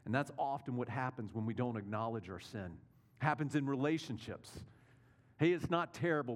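Conversational male pastor preaching. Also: medium pitch. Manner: conversational, checks in with listeners with rhetorical questions. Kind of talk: sermon.

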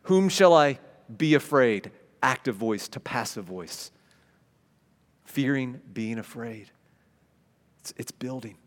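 A man preaching a sermon, stumbling over repeated words and swinging between loud emphasis and hushed tones. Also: medium pitch, animated, slow, pauses often. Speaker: pastor. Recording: long hall reverb.

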